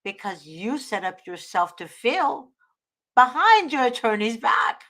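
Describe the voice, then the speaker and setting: A woman's voice: a little high, very animated, unhurried, pushed and bright. Earnest woman host giving advice. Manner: earnest, preachy, repeats herself. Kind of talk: casual advice talk.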